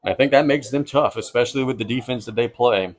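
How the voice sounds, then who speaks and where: A man calling play-by-play for a high school football game, brisk and easygoing, chuckling now and then. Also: slight background noise, low-quality recording. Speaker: play-by-play announcer.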